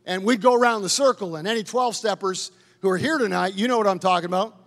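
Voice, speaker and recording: Pastor, middle-aged man, high gravelly voice, impassioned sermon, reverberant hall. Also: quick pace. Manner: impassioned preaching, building to loud declarations.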